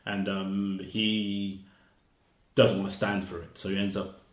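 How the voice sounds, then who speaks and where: Brief: low-pitched man, author guest, halting and filler-heavy, echoey room. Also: little pitch movement. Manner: hesitant, many fillers and repeated words. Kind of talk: casual conversation.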